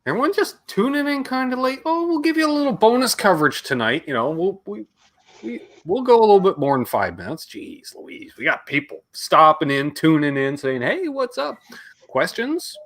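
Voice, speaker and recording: A man's voice: high voice, animated, moderate pace, a bit bright. A middle-aged Canadian man co-hosting a live guitar stream, chatting casually and reading out viewer names.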